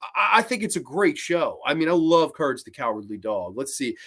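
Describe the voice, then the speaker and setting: This is a man hosting a casual live stream about horror and cartoons. His voice sits somewhat high and leaps around with big, lively pitch swings. He rambles freely and drops plenty of curses along the way. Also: a little fast, slightly rough. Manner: animated, rambling, swears a lot.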